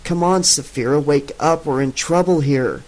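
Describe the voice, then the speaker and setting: A man's voice: on the high side, normal speed, a little mellow, natural voice, poor audio. A man voicing an urgent young woman who keeps pressing and pleading.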